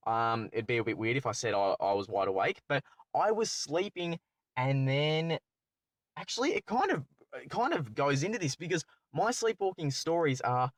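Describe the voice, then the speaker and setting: A young man, telling a personal story as a channel host in a rambling, excitable way, correcting himself often. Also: mid-range voice, moderate pace, no echo. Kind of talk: storytime commentary.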